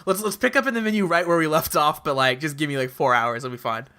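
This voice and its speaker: Casting note: young male podcast co-host, slightly high bright voice, laughs a lot, goes along with his friend's rant. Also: fast, clean tone. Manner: laughs often, sympathetic, riffs with jokey hypotheticals. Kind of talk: casual podcast chat.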